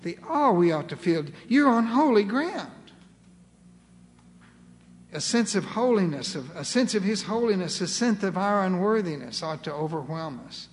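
A man preaching a sermon as pastor, earnest and emphatic, slowing down and repeating key phrases. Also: high voice, lively intonation, big-room sound.

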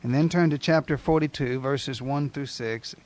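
A man's voice: medium pitch, normal speed, a little mellow. A man preaching a sermon, speaking emphatically and putting repeated rhetorical questions to his congregation.

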